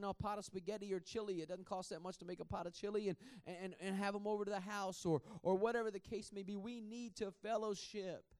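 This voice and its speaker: Male preacher, high-pitched, conversational sermon with self-deprecating laughs, dry sound. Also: darkish tone, no echo. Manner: conversational, repeats words, laughs at himself.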